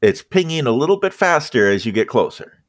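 A man's voice: medium pitch, very animated, fairly quick, no room sound, studio quality. Laid-back male game master. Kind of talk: narrating a tabletop game.

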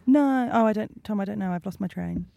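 A woman's voice: medium pitch, a little fast, vocal fry, mellow, no room sound. A woman co-hosting a podcast, chatting in a jokey, rambling way. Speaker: podcast co-host. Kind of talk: casual chat.

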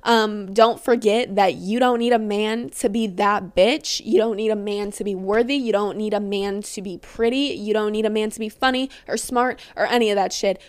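A woman's voice: medium pitch, fairly even intonation, normal speed, few pauses. A young woman hosting a podcast in casual, rambling chat, giggly and freely swearing. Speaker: podcast host.

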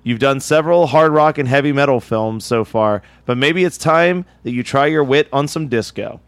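A man's voice: mid-range voice, normal speed, no room sound. A man co-hosting a movie podcast, reading out a listener's letter and then chatting in a wry, laid-back way. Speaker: podcast co-host.

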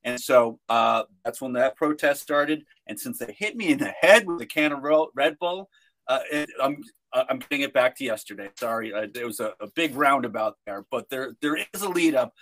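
A man's voice: medium pitch, normal speed, fairly bright tone. A man telling a long story on a podcast, rambling with many restarts and fillers. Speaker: guest, protester.

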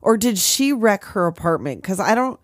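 A woman's voice: medium pitch, big pitch swings, normal speed, dry recording, clean studio sound. Wry woman co-host with sarcastic asides. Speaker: podcast co-host. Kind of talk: casual movie recap chat.

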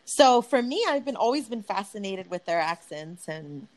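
A woman co-hosting a casual podcast chat, laughing often and talking in an animated way, now and then swearing. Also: mid-range voice, moderate pace, rough recording. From Texas, US. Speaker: podcast co-host.

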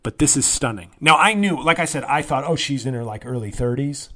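A man in his forties hosting a solo comedy podcast, rambling and self-mocking, sometimes breaking into loud excited yelling. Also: mid-range voice, fairly quick. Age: 40s.

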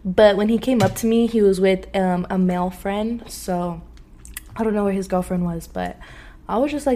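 A young woman tells a story in a loose, casual way, full of slang and frequent laughter. Her voice sits in an ordinary middle pitch, and she talks in an animated, conversational way. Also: normal speed.

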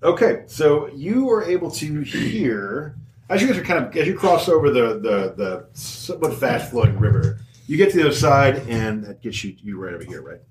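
A man game master narrates a tabletop session in a loose, rambling way. His voice sits at a middle pitch, and the recording is roomy and echoing. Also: very animated, normal speed, background noise. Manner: loose and rambling, with many restarts.

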